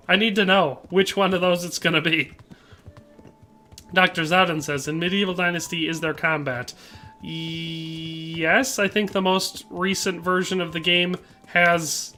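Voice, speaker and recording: Bright-voiced chatty male game streamer. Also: on the high side. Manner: chatty, reads viewer comments aloud and answers them; playful, joking asides. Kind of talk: casual livestream commentary while playing.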